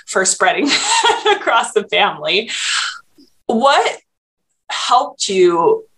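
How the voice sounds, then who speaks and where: A woman's voice: medium pitch, sing-song, slow, a bit bright. Woman, 30s, podcast host, heartfelt rambling storytelling, lots of restarts. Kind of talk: candid personal storytelling.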